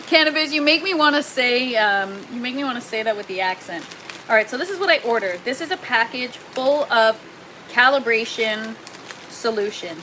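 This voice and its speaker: A woman's voice: on the high side, background noise. A woman hosting a casual livestream, chatting and reading viewer comments aloud, laughing often. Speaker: livestream host. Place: indoor grow tent.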